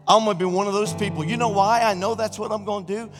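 A middle-aged senior pastor, preaching an exuberant sermon and shouting praise in a church sanctuary. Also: male voice, sits high, fairly even intonation, fast talker, faint music behind. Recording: reverberant church hall.

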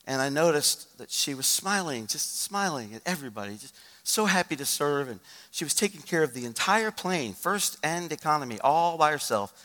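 A male pastor preaching a sermon, moving from loud urgent exhortation to a quiet, hushed story. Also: on the high side, expressive, normal speed, big-room sound.

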